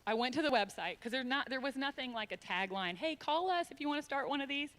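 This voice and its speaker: Emotional woman speaker, slightly high voice, heartfelt church introduction. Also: lively intonation, fast, a bit bright. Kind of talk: prepared speech at a church event. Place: church sanctuary.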